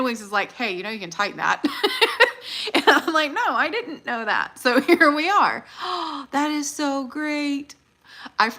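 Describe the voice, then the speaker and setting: Bright-voiced excitable woman. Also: a little high. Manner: chatty and excitable, laughs often. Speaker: livestream host. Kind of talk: casual livestream chat.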